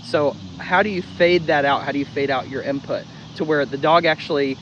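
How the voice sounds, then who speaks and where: Blunt, slightly high-voiced male dog trainer. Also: fairly quick, lo-fi sound, noisy background. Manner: blunt, emphatic, swears casually; repeats key steps in drill-like rhythm. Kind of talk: casual instructional talk.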